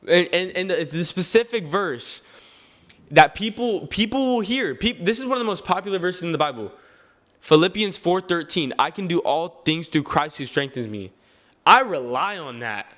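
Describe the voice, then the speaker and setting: A man's voice: a little high, lively intonation, moderate pace, a bit bright. A nineteen-year-old man talking to the camera in an earnest, preachy way about his faith, often repeating words and restarting sentences as he addresses his viewers. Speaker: clothing brand owner and vlogger. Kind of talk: faith-driven motivational talk to camera.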